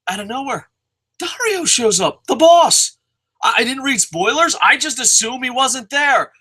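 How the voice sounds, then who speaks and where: A man hosting a casual wrestling show review, excitable and profane, rambling with restarts and bursting into shouts. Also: high voice.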